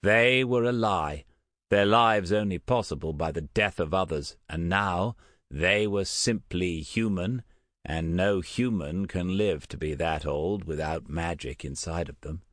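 Male audiobook narrator, very low voice, measured delivery, dry close sound. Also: a bit bright, dry recording. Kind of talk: audiobook narration of first-person dark fantasy.

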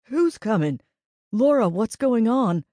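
A woman playing a gruff protective country man. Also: sits low, a little slow, no echo, studio quality. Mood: alarmed. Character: protective rural man, gruff then gentle.

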